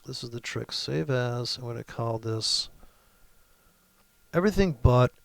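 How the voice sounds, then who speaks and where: A man's voice: mid-range voice, a little slow, gravelly, no echo. A man hosting a trading video, giving brash, profane, mocking commentary over his charts. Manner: brash, swearing, mocking, ranting. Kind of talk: profane ranting screen-share commentary.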